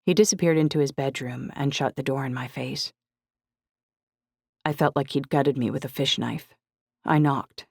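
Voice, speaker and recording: Steady woman narrating a novel. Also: very deep voice, moderate pace, vocal fry, long pauses, husky, no room sound, studio quality. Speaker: audiobook narrator. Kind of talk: first-person scripted narration.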